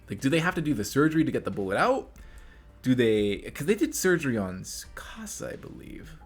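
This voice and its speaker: A man hosting an anime reaction video, talking in a rambling, excitable way with many restarts. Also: on the low side, breathy edge. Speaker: reaction channel host. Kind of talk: casual anime reaction commentary. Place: home room lit by reaction lamps.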